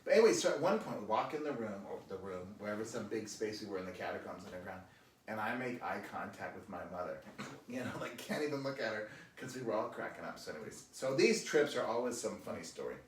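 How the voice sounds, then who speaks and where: Storytelling priest in an echoey room. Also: male voice, on the low side, quick pace, distant mic, a little hiss or hum. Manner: animated storyteller, laughs often, mimics accents. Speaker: priest hosting a livestream chat. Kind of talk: casual chat reading viewer comments. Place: roomy indoor room, rectory.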